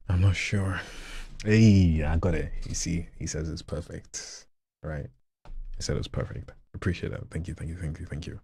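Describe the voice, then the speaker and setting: A man doing voice practice on a livestream, reading viewer scripts in a slow hushed delivery that slips into whispers, and chatting with viewers between reads. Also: deep voice, fairly even intonation, creaky, slightly rough. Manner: chats to viewers in between reads, quicker and louder. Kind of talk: live practice reading of viewer scripts, mixed with casual chat.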